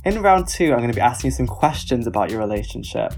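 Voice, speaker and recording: A man's voice: mid-range voice, big pitch swings, fast talker, gravelly, hardly any pauses, a little mellow, faint music behind. A man asking a pair relationship questions in a playful interview. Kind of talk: light quiz-style interview.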